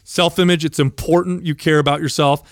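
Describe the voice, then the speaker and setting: A man's voice: a little high, steady tone, brisk, no echo, studio quality. A man co-hosting a podcast, talking bluntly and emphatically in casual chat and swearing freely. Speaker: podcast co-host.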